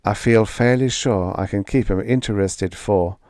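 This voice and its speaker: A man reading the lines of a tense young woman captain in a science fiction story, sounding urgent and then falsely calm. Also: lowish voice, moderate pace, dry recording, clean studio sound, close to an everyday voice.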